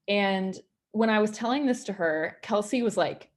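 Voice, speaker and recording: A woman's voice: medium pitch, normal speed. A young woman giving a casual workshop talk in a chatty, conversational way, often saying "like" and "right?". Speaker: workshop speaker.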